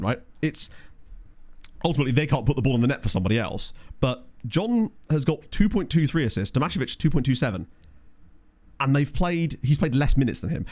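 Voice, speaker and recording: A man's voice: mid-range voice, a little mellow. A man with a chatty, jokey manner, live-streaming a management game and reading out stats while talking to chat.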